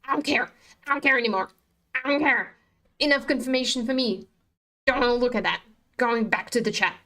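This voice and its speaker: A woman's voice: fairly high pitch, a little fast, sharp tone. Tired, swearing woman streaming her trades. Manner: frank and profane, tired, chats with viewers. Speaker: trading livestream host. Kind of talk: casual live-stream commentary.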